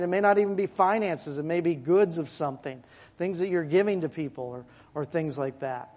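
A man preaching a sermon to his congregation in a church, in a conversational way with asides and quick jokes. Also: a little high, a little mellow. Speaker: pastor. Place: church sanctuary.

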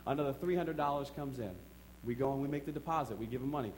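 A man's voice: mid-range voice, fast, a little hiss or hum. Emphatic storytelling preacher man. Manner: storytelling, emphatic, swings from quiet asides to excited outbursts. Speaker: pastor. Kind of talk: sermon.

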